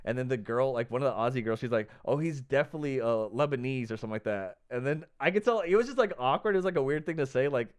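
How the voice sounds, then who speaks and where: Young man, podcast co-host, rapid animated storyteller, clean voice. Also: medium pitch, clear, resonant tone. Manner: animated storyteller, acts out quotes, lots of "like" and "dude". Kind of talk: casual chat.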